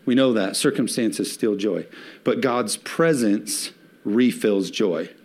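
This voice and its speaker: A male pastor preaching a sermon with emphatic swells and slowed, stressed phrases, a father of young children. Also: lowish voice, darkish tone.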